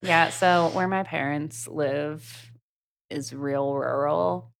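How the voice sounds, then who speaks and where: Low-voiced chatty Southern woman. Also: slow, gravelly, slight background noise. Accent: light Southern American. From American South. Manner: chatty, animated, many "like" fillers. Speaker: podcast co-host. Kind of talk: casual chat recapping a book.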